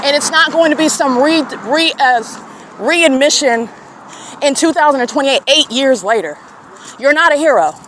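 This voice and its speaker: A woman's voice: high voice, animated, moderate pace, fairly bright tone. A woman podcaster delivering a scornful, accusatory monologue outdoors in an urban square. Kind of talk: confrontational monologue. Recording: clear traffic noise outdoors.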